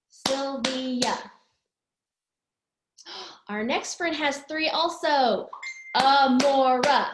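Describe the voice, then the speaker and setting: Woman teacher talking slow to little kids, stretches words into syllables, roomy noisy recording. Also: a little high. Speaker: preschool teacher. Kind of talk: remote lesson for young children.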